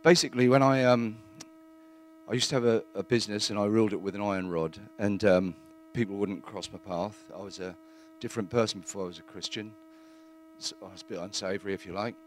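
A man giving a plain-spoken, earnest testimony in church, halting now and then with fillers. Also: on the low side, fairly even intonation, a little hiss or hum.

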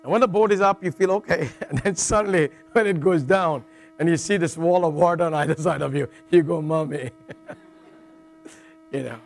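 A middle-aged man preaching to a congregation in a relaxed, joking manner. His voice sits a little high for a man, and he keeps checking in with his listeners. A low mains hum runs under the recording. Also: moderate pace, vocal fry. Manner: jokey, conversational, with frequent "all right" asides and restarts. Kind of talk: sermon.

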